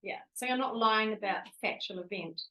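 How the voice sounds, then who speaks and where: Woman, group participant, sums up points, mid pitch, echoey room. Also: a little fast, pushed and bright. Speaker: training participant. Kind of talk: group discussion.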